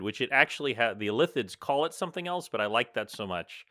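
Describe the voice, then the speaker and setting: A man's voice: medium pitch, lively intonation, bright, forceful tone, no echo, clean studio sound. A man hosting a tabletop game podcast as game master, playful and full of fillers as he narrates. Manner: playful, drawn-out sing-song intro, halting with fillers.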